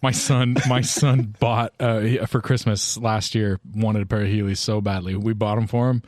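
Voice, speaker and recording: A man co-hosting a comedy podcast, blunt and profane and quick to mock himself. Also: lowish voice, level tone, darkish tone, no room sound, studio quality. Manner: blunt, profane, self-mocking. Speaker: podcast co-host. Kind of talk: casual comedic banter.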